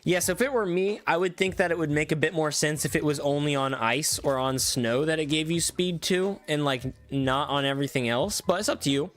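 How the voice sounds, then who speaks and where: A man's voice: on the high side, a little fast, few pauses, soft background music. A young man casually commenting on a live stream, chatty and enthusiastic with lots of fillers. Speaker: streamer reviewing viewer-made game mods.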